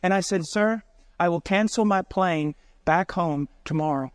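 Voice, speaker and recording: A man's voice: sits high, measured pace, clear, resonant tone, no echo. A middle-aged man preaching a sermon, telling a story with passion and building to emotional peaks.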